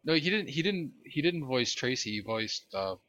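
A man's voice: mid-range voice, sing-song, normal speed, fairly bright tone, no echo. A man co-hosting a podcast, chatting casually with dry, sarcastic asides. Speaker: podcast co-host. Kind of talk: casual chat. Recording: dull lo-fi audio.

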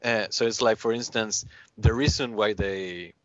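Rambling, halting male podcast guest. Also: lowish voice, no room sound. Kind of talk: casual chat. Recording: dry, dull lo-fi podcast audio.

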